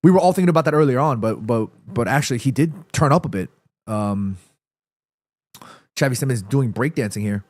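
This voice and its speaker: A man with a stuffy nose hosting a live football watchalong stream, reacting excitedly to the match and reading viewers' chat messages aloud. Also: mid-range voice, brisk, no echo.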